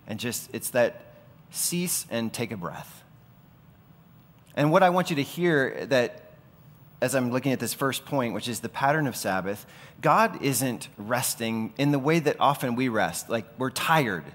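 A man's voice: medium pitch, expressive, a little slow, a bit bright, long reverb tail. A man preaching a sermon as pastor, in a conversational, earnest way with everyday asides.

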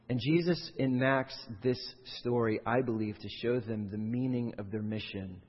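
A man preaching a sermon with a slightly husky voice, moving between plain reading of the text and animated bursts where he acts out quoted voices. The sound is dull and lo-fi, with a long reverb tail from a large hall. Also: normal speed, few pauses. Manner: animated preaching, acts out voices and rises sharply in pitch and volume. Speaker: pastor.

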